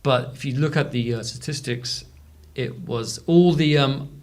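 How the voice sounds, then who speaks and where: Male co-host, relaxed conversational delivery, halting at times. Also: medium pitch. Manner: conversational, hesitant with fillers. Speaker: podcast co-host, journalist. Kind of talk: casual chat.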